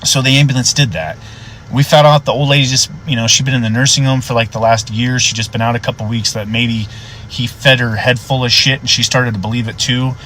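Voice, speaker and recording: A cop telling a wild story. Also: male voice, brisk, slight background noise, poor audio. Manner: animated, swears freely, voice jumps high when excited. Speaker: police officer. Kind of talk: profane storytelling.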